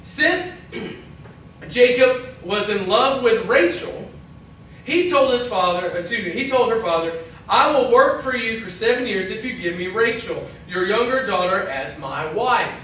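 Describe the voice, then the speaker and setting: Casual young-group Bible teacher, man, high bright voice, echoey hall mic from a distance. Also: expressive, measured pace, a little hiss or hum. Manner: chatty, self-interrupting, jokey asides. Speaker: youth pastor. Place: church hall.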